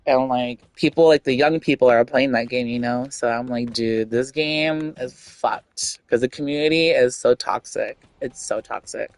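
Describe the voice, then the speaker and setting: A woman's voice: very deep voice, normal speed, hardly any pauses, darkish tone, no room sound. A woman streamer chatting casually, blunt and outspoken, swearing freely and rambling with lots of fillers. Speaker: gaming streamer.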